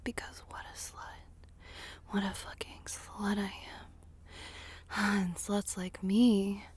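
A woman in a whispered intimate monologue, breathy and sighing, speaking slowly and lingering, recorded in a small closet. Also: medium pitch. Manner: breathy, sighing, slow and lingering, with soft laughs. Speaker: adult audio creator.

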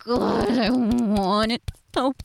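Woman for erotic audio role-play; high, breathy, moaning delivery dropping to whispers, slow and drawn out. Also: steady tone, a little hiss or hum. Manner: breathy and moaning, swinging between whispers and cries.

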